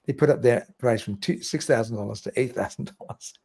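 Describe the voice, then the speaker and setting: A man's voice: medium pitch, brisk, gravelly, mellow. A man hosting a casual livestream, reading viewer comments aloud and laughing often. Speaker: livestream host.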